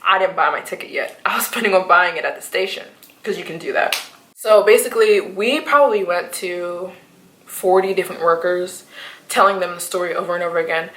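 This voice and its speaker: A woman's voice: on the low side, a little fast. Chatty young woman in an echoey room. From United States. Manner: animated, rambling retelling with many fillers and acted quotes. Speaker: vlogger. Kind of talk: storytime vlog.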